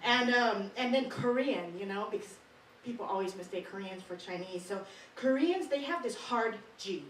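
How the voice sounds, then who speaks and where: A woman's voice: medium pitch, expressive, normal speed, slight background noise. A young woman performing a chatty stand-up bit at an open mic, giggling as she talks. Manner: chatty, giggles through her lines. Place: small performance studio. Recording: roomy, distant live mic.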